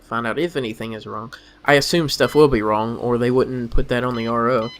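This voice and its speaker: Muttering wryly and with exasperation, a car mechanic provides let's play commentary on a game. He speaks a little fast in a mid-range voice with fairly even intonation, and a little hiss or hum is audible.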